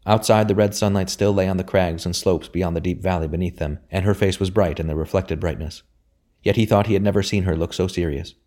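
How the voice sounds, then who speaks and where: Man, audiobook narrator, very low voice, brisk pace, steady reading. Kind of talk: scripted narration.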